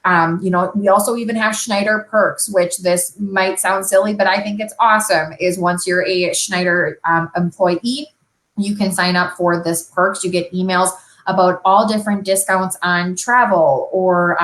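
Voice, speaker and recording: A woman's voice: mid-range voice, fairly even intonation, unhurried, fairly bright tone, echoey room. A woman recruiter on a live Q&A, talking enthusiastically and unhurriedly about company benefits. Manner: enthusiastic, laughs easily. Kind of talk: live Q&A stream.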